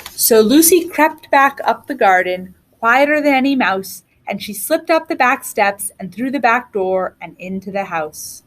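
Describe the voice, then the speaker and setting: A woman reading a children's storybook aloud with an expressive, lilting delivery. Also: a little high, measured pace, hardly any pauses. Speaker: reader.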